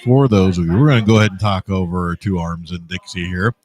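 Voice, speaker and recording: A man's voice: deep voice, fairly even intonation, a little fast, a little mellow. A man in his fifties hosting a morning radio show, talking in a preachy, rambling, folksy way. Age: 50s. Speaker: radio host. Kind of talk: opinionated radio monologue.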